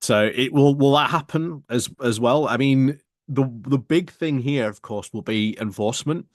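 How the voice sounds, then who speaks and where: A man's voice: medium pitch, normal speed, no echo, clean studio sound. A man co-hosting a casual political chat, hesitant and chiming in with short agreements. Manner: brief agreeing interjections, hesitant. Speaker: co-host.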